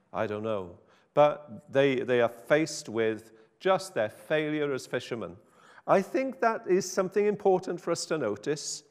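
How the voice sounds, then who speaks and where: A man preaching an informal sermon in a chatty, wry, self-interrupting way. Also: fairly high pitch. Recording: hall reverb.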